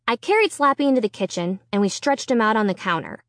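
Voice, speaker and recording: Lively woman narrating a children's book. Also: medium pitch, fast, no room sound, clean studio sound. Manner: expressive storytelling. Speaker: audiobook reader. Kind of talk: scripted narration.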